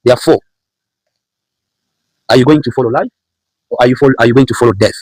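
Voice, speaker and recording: Brief: male preacher, husky voice, mid pitch, emphatic and repetitive sermon delivery. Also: fairly quick, a little mellow, no echo, poor audio. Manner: emphatic, repetitive, rhetorical questions.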